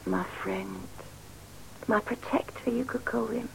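A brassy, world-weary prostitute in a radio drama, brisk and businesslike with a coaxing edge. Her voice sits fairly low for a woman. A little faint hiss runs under her. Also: animated, low-quality recording. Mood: chatty.

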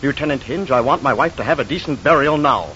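An actor playing a grieving husband in an old radio drama, pleading indignantly. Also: male voice, lowish voice, lively intonation, a little fast, fairly bright tone, lo-fi sound, slight background noise. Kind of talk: 1940s radio acting.

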